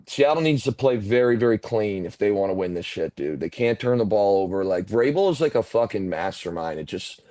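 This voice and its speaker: A former football player hosts a casual podcast, wandering through long stories with plenty of swearing and laughter. His voice sits in an ordinary middle pitch. The mic is close and dry, with no room sound. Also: darkish tone, dry recording. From Ontario, Canada. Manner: rambling storyteller, swears, laughs often. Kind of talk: casual chat.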